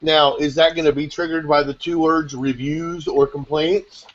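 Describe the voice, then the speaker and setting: Excitable man rambling on a video call. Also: a little high. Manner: excitable, rapid rambling explanations. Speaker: SEO chat panelist. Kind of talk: casual group video chat. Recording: dull lo-fi call audio.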